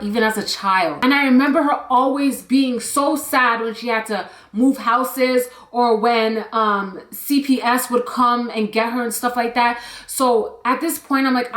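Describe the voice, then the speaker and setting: Young woman ranting a storytime, high bright voice, echoey room. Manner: animated, blunt, swears freely. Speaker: vlogger. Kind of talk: storytime vlog.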